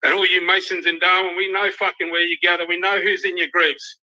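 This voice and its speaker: A man's voice: high-pitched, level tone, a little fast, sharp tone. Furious swearing Australian man. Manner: furious, swearing constantly, emotional. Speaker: youth worker ranting on a livestream. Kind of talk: angry livestream rant. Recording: dull lo-fi livestream audio.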